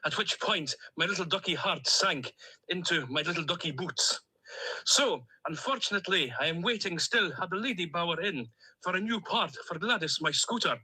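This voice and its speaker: A man's voice: sits high, bright, forceful tone, husky, full character voice, rough recording. A man doing Dougal, a chirpy Stornoway duck. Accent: Stornoway Scottish. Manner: rambling, cheerfully self-pitying storyteller. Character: chatty male plastic toy duck on a road trip. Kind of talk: comic character monologue.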